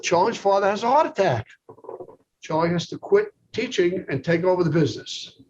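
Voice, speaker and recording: A man's voice: high voice, lively intonation, normal speed, a little mellow. A man, a psychologist being interviewed, telling a long anecdote and checking in often with "okay". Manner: storytelling, peppered with "okay". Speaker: psychologist guest. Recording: dull lo-fi recording with faint noise.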